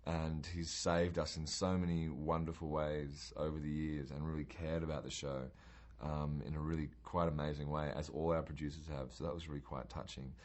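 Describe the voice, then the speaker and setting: Low-pitched guy, cast member, thinking out loud in an interview. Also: level tone, normal speed, few pauses. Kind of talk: reflective interview talk.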